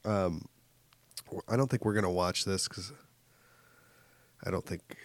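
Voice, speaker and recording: Creaky-voiced man rambling on a podcast. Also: low-pitched, steady tone, unhurried, pauses often. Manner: rambling, wry, trails off into mumbles. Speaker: podcast co-host. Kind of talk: casual chat. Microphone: podcast mic without pop filter.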